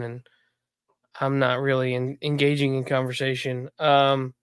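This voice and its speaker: A man hosting a casual podcast, chatting and signing off the show in a relaxed, friendly way. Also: mid-range voice, moderate pace, clear, resonant tone, no room sound, clean studio sound. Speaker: podcast host. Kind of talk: casual podcast chat and sign-off.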